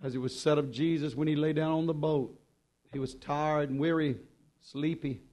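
A man preaching a sermon, impassioned and urgent, then dropping to quiet low passages. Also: steady tone, normal speed.

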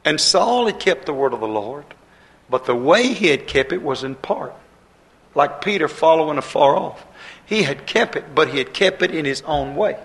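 A man's voice: a little high, lively intonation, normal speed, rough recording. A man preaching a sermon in a folksy, conversational way, repeating his phrases and using plain, homespun grammar.

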